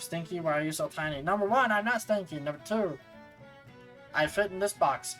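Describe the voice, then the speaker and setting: Casual game streamer, rambly, jokes at own expense, quiet music behind. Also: medium pitch, moderate pace, poor audio. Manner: rambling, self-mocking, repeats itself.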